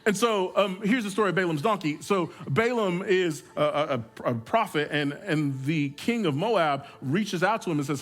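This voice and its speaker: A man's voice: high voice, lively intonation, normal speed, hardly any pauses. A man pastor preaching a sermon, telling stories in a casual, joking way with frequent restarts. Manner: conversational, humorous storytelling with repeated restarts.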